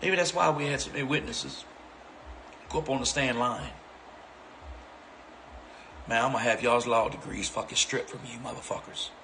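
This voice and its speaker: A man of middle pitch, cursing and indignant as he gives angry commentary. A faint hiss of noise sits under his voice. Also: moderate pace, pauses often, sharp tone, rough recording. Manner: profane, indignant.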